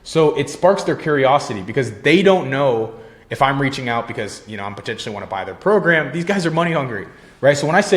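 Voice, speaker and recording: Animated and quick-paced, this young sales coach speaks in a mid-range voice during a casual instructional talk. His lesson is blunt and confident, peppered with swearing and lines ending in "right?".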